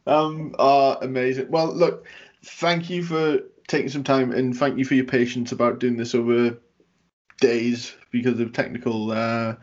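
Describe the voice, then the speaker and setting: A man's voice: medium pitch, little pitch movement, measured pace. Chatty male podcast host. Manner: chatty, enthusiastic, laughs often. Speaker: interview host. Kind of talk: casual interview chat. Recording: dull lo-fi call audio.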